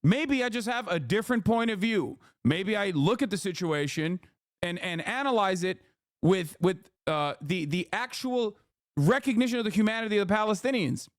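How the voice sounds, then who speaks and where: A man's voice: high voice, expressive, moderate pace, dry recording, clean studio sound. A man commenting live on his stream, heated and profane, rambling through his points as he reacts. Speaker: livestream commentator. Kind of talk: casual political commentary.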